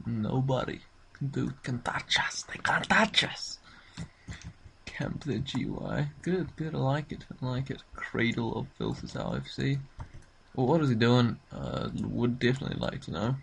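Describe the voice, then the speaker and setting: A young man commentating his own player-versus-player match, excitable, shouting at kills and muttering tactics. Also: mid-range voice, moderate pace, vocal fry, slight background noise. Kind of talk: excited live gameplay commentary.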